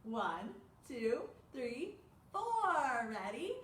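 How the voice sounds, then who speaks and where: A woman reads a storytime to kids, with lively pitch swings and an unhurried pace. She gasps and asks questions along the way. The recording sounds echoey and distant, with a faint hiss behind. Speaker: children's librarian. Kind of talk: storytime reading to children. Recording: echoey room, far from mic.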